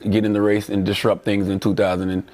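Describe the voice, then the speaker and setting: A man casually giving his opinion in an interview, relaxed and hesitant. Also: lowish voice, quick pace. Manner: relaxed, hesitant, filler-heavy.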